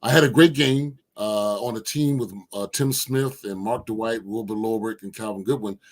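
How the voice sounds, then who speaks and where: A man's voice: fairly low pitch, normal speed. A man, a former basketball player telling stories as a guest and acting out the quotes. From Philadelphia, USA. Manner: animated storyteller who acts out quotes. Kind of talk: casual storytelling interview.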